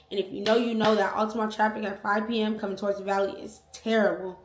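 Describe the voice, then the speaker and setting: A young woman vlogger telling a personal story in a casual, slangy, animated way, acting out the quotes. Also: medium pitch, quick pace, few pauses. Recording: echoey room.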